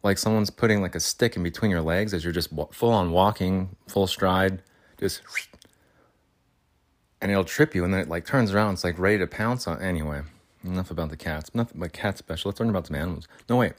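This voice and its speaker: A deep-voiced man hosts his podcast alone from a makeshift room at home. He talks casually, rambling from one tangent to the next and joking as he goes. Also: brisk. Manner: rambling, jokey asides, voices his cats' imagined plotting. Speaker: podcast host. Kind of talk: casual solo podcast monologue. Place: makeshift break room at home, fridge and cats nearby.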